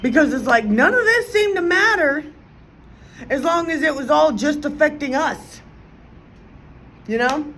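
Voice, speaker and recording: A woman's voice: high-pitched, animated, measured pace, pauses often, fairly bright tone, a little hiss or hum, poor audio. A woman vlogging in a casual, profane, rambling way, with lots of fillers, her voice rising sharply when she gets indignant. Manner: profane, meandering, many fillers. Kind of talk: casual rant to camera.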